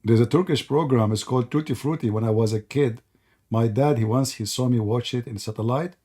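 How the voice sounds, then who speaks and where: A man's voice: mid-range voice, a little fast, dark tone. A man hosting a live debate stream, talking in a sarcastic, laughing, sing-song taunting way, nearly losing his voice after hours of talk. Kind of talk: mocking live debate chat.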